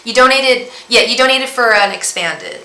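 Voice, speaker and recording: A woman's voice: a little high, moderate pace, pushed and bright, echoey room, poor audio. A woman, a tarot reader on a casual livestream, talking in a rambling way full of fillers and restarts. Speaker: tarot reader and psychic medium.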